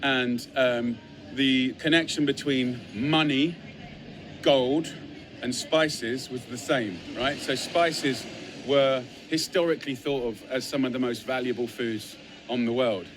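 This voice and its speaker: An English man speaks straight into his phone with eager, piled-up lists and repeated phrases. His voice sits at a middling pitch, and a faint hum of traffic and shop bustle runs behind him. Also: slow pace. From England. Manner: enthusiastic, piles up emphatic lists and repeats phrases. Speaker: chef. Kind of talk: casual talk to a phone camera. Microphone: phone camera.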